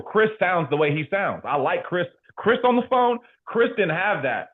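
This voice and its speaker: Young man from California coaching insurance agents, animated, slangy, thin lo-fi sound. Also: fairly high pitch, moderate pace, husky. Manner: animated storyteller, slangy, laughs a lot. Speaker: insurance sales trainer. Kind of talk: motivational team talk. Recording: tinny phone-like sound.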